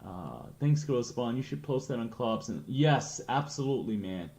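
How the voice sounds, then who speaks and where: Male streamer host with New England accent, rambling, self-deprecating, mid-pitched. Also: lively intonation, normal speed, darkish tone. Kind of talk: casual chat to stream viewers.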